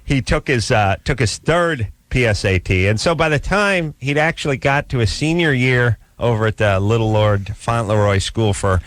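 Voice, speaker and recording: A man's voice: medium pitch, moderate pace, hardly any pauses, a bit bright, no room sound. A man hosting a late-night call-in radio show, riffing and ranting with sarcasm. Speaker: radio host. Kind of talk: comic radio banter.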